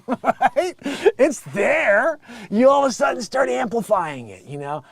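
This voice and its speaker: Male host, bright-pitched, animated delivery, riffs on news, chuckles at own jokes. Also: a little slow, gravelly. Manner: rambling, jokey, keeps laughing at his own bits. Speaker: talk show host. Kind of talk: comedic news commentary.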